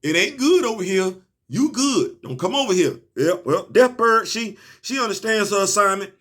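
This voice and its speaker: A young man, excitedly reviewing a comic in a casual, slangy monologue, laughing and stumbling over restarts. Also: high voice, moderate pace.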